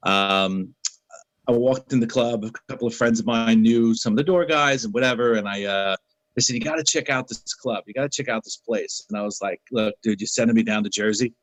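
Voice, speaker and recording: An interview guest from New York City, his voice in a middle register, tells animated anecdotes at a fairly quick clip in casual conversation, acting out every line of quoted dialogue. The audio is poor, dry, close to the mic, and free of echo.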